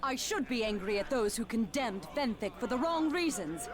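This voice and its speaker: A woman's voice: on the high side, lively intonation, moderate pace, crowd noise, lightly acted. An actress playing a grieving, angry female paladin of justice who speaks in a solemn, bitter, questioning way. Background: game music.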